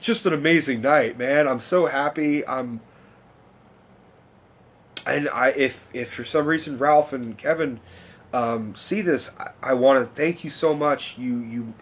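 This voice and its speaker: A man's voice: mid-range voice, a little slow. A young man, telling a story in a casual, rambling, profane rant to camera. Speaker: vlogger.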